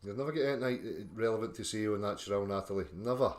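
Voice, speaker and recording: A man's voice: lowish voice, quick pace. A Scottish man hosting a livestream, reading out chat and mocking his critics in a sweary, combative rant.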